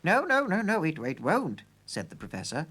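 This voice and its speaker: A man's voice: on the high side, unhurried, heavily acted. A man voicing an absent-minded old male professor who stammers and gets flustered. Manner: stammering, excitable.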